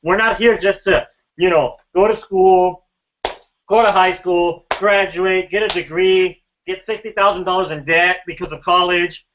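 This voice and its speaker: A man's voice: high-pitched, fairly even intonation, measured pace, background noise. A man giving an earnest motivational talk to a group, full of rhetorical questions. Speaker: mastermind group member. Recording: dull lo-fi sound.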